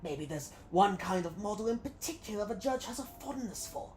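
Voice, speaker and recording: A woman reading aloud as an excitable young gamer princess who drops Japanese slang words. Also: medium pitch, normal speed, slight background noise, lightly acted. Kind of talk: reading game dialogue aloud.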